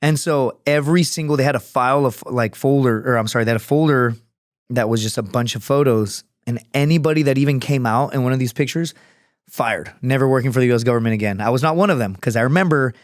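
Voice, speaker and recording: A man who is a podcast guest, telling stories in a casual, profane and animated way, acting out other people's voices as he goes. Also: mid-range voice, fast, no echo, clean studio sound. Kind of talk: casual storytelling. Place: podcast studio.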